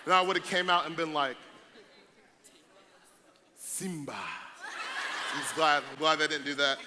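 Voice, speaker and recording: A man's voice: a little high, steady tone, fast. A young man, joking and hyping up a crowd as a youth event speaker. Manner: playful, hype, joking with audience. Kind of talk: energetic stage talk to a crowd. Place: large event hall with audience. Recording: noisy live event recording.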